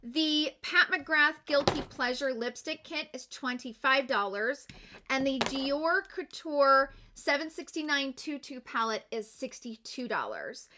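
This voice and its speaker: Bubbly high-voiced woman unboxing makeup. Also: expressive, measured pace, background noise. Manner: gushing, gasps and exclamations. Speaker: beauty vlogger. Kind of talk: excited unboxing chat.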